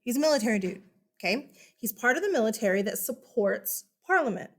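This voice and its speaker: A woman's voice: fairly high pitch, expressive, a little fast. A woman teaching a history lesson in a casual, chatty way, asking rhetorical questions and calling her listeners guys. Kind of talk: casual classroom lecture.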